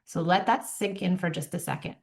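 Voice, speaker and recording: A middle-aged woman coaching parents in an earnest way, acting out calm lines for them to say to their children. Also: fairly low pitch, brisk. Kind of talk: parenting advice talk.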